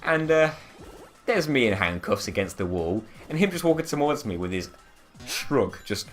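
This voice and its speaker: A young man recounts a story in relaxed, casual chat. His pitch jumps dramatically between highs and lows, and he laughs often while acting out the people in it. Faint music sits underneath. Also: moderate pace. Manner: laughs often, acts out quoted lines. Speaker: podcast co-host.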